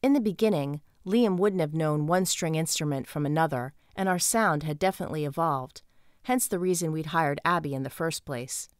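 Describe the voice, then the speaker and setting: Woman reading an audiobook, low voice, dry close sound, steady storytelling. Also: moderate pace, no room sound. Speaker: audiobook narrator. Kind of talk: scripted first-person narration.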